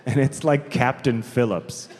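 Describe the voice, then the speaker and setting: A man performing a stand-up comedy set on stage, telling stories deliberately and drawn out, with quick asides. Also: mid-range voice, darkish tone. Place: large theater stage. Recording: live comedy hall with long reverb, faint crowd noise.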